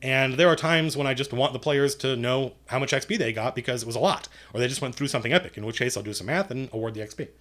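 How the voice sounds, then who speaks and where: A man's voice: medium pitch, quick pace, hardly any pauses, a bit bright. Man in casual livestream Q&A mode, talks loosely with lots of restarts and dry asides. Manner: rambling, self-correcting, dry jokes. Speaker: game master and writer answering viewer questions.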